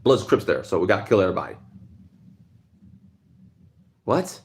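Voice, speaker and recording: A man's voice: low voice, big pitch swings, moderate pace. A man hosting a livestream, ranting heatedly in a casual monologue and answering chat. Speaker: livestream host.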